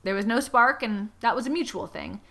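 A woman's voice: a little high, brisk, vocal fry. A woman co-hosting a podcast, retelling a story and chatting with crude jokes. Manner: crude, joking, animated storyteller. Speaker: podcast co-host. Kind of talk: casual chat and reading aloud.

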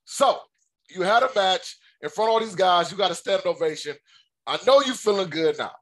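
A man hosting a casual interview, asking questions in relaxed, slangy talk. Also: sits high, brisk. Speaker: podcast host.

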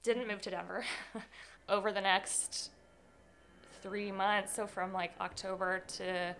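A woman's voice: medium pitch, level tone, slow pace, fairly bright tone. A young woman in her twenties, a guest telling her own story in an interview, candid and earnest, with many "like"s. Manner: candid, earnest, says 'like' often.

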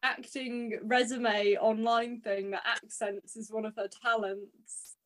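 A woman's voice: fairly high pitch, flat delivery, fairly bright tone. Teasing woman co-host. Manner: teasing, quick interjections. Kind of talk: casual podcast chat.

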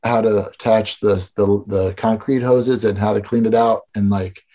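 A man's voice: fairly low pitch, fairly even intonation, normal speed, mellow. A man telling stories in a casual interview, loose and rambling, full of fillers and swearing. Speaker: guest. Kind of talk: casual storytelling chat.

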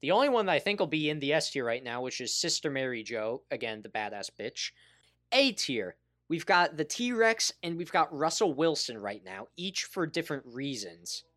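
Male podcast co-host, casual sports banter, animated, laughs a lot. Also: fairly high pitch, normal speed.

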